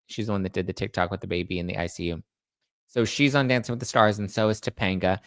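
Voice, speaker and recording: Gravelly low-voiced man chatting gossip. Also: steady tone, quick pace, a bit bright, no echo. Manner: rambling, chatty, restarts and self-corrects; reads out viewer comments. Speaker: host of a celebrity gossip show. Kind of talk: casual chat.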